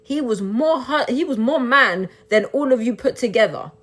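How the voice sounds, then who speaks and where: A woman's voice: fairly high pitch, animated, fairly bright tone. Indignant young woman on a phone live stream. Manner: switches between English and Albanian, taunting and indignant; rapid, repetitive rhetorical questions. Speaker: livestreamer. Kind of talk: live-stream chat answering comments.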